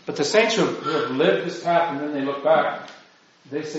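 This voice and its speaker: A man's voice: a little high, moderate pace, slight background noise. A man giving an informal spiritual talk to his parish, rambling and self-deprecating, full of asides. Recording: distant mic, very echoey, dull lo-fi sound.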